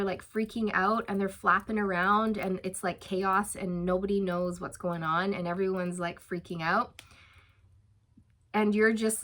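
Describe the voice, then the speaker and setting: A woman giving a casual tarot reading. She is chatty and encouraging, uses many fillers, laughs lightly, and slows down for emphatic reassurances. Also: medium pitch, a bit bright. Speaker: tarot reader.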